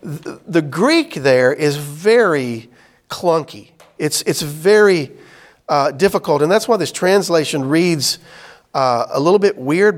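A man teaching a Bible class, chatting casually and reading scripture aloud slowly. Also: a little high, lively intonation. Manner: conversational, explains with "right?" and "y'all", reads scripture aloud slowly.

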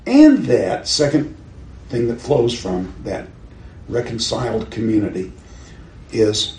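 Teaching a Bible class, an older man converses with his listeners, asking them questions and chuckling at his own stories. His voice is fairly low, slightly mellow and very animated though slow, and the recording is roomy with faint background noise.

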